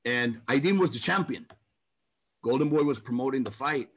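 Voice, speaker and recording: A man's voice: mid-range voice, moderate pace. A man telling a boxing story in a casual talk-show chat, acting out the voices of the people in it. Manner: animated, acts out voices in his story.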